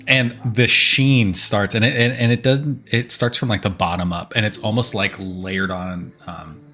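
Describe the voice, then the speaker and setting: A man describes his character's actions at a tabletop game, rambling and swearing freely. His voice is low but bright. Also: steady tone, unhurried. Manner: rambling, swears casually, many restarts. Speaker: player. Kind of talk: casual tabletop play.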